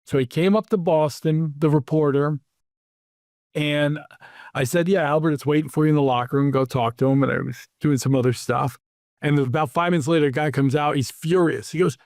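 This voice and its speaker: A man hosting an interview, telling lively anecdotes about his PR career and acting out the quotes. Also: on the high side, a little fast, dry recording, studio quality. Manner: animated anecdotes, acts out quotes. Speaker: podcast host, PR executive. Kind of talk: casual storytelling interview.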